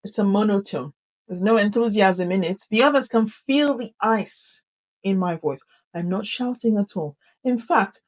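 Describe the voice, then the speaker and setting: Animated, emphatic woman teacher. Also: medium pitch, normal speed, low-quality recording. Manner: animated, emphatic, repeats key phrases for effect. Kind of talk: instructional talk to camera.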